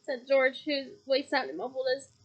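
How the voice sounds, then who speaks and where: A woman's voice: high voice, fairly even intonation, a little slow. A woman reading a novel aloud, voicing the characters and stopping for chatty, giggly asides. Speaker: reader.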